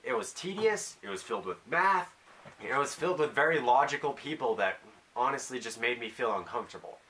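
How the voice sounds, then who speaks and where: Rambling teenage guy, bright voice. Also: medium pitch, lively intonation, brisk. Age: teens. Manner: rambling, self-deprecating, with jokey asides. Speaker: vlogger. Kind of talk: casual rambling vlog monologue.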